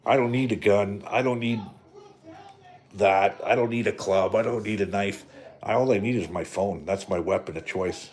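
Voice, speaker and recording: A middle-aged Canadian livestream host rambles through a casual rant, joking with plenty of profanity. His voice is fairly low and a little mellow, with a moderate pace.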